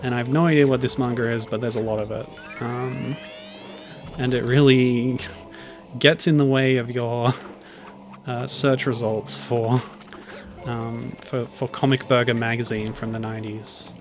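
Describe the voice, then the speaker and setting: Gravelly-voiced man chatting while gaming. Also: medium pitch, flat delivery, measured pace. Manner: chatty, rambling off-topic tangents. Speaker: game streamer. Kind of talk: casual gameplay commentary. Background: game music.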